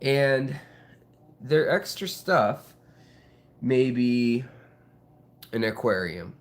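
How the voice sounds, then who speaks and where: On his aquarium channel, a man rambles casually to the camera next to the fish tanks in his home, with lots of fillers and jokes. His mid-range voice is animated, his delivery very slow, and he sounds out of breath.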